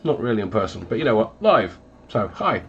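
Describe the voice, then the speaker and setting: Husky, brisk, and very animated, his voice sits on the low side, captured in dull audio. The painting livestreamer, congested and recovering from illness, rambles with frequent ums and self-deprecating asides from his hot hobby room with the windows closed.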